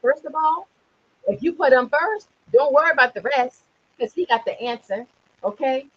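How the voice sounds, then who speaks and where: A retirement planning consultant from the Charleston area of South Carolina, with the accent to match, delivers a preachy, energetic motivational livestream, often checking in with "okay?". Her high-pitched, husky voice moves at normal speed over lo-fi sound.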